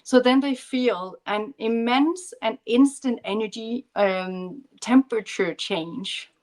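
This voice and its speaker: A woman guest on a podcast, a leadership coach, telling a personal story in an earnest, gentle way with some restarts. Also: fairly high pitch, slow. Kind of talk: storytelling in conversation.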